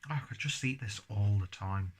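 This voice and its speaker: A man's voice: on the low side, normal speed, a little hiss or hum. A man giving a casual beer and snack tasting review, chatting as he chews. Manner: chatty, talks while chewing.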